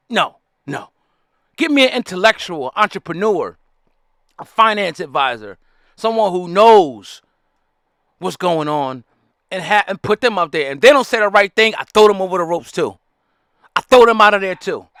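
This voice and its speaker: Fired-up man ranting, high lively voice. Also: no echo, clean studio sound. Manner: fiery, repetitive, preachy, addresses the audience directly. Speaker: commentary host. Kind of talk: heated ranting commentary.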